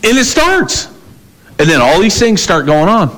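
A man's voice: high voice, big pitch swings, a little slow, a bit bright, rough recording. A man preaching a sermon as pastor, telling stories and acting out both sides of conversations.

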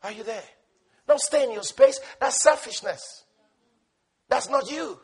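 A man preaching a sermon with fervor, swinging from shouted peaks to hushed asides and laughing as he goes. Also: very high voice, lively intonation, unhurried, slightly rough.

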